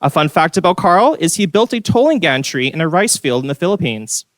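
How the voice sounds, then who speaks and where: A man's voice: a little high, very animated, a little fast, no room sound. Upbeat man reading a speaker intro. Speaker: event host introducing speakers. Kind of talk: scripted introduction.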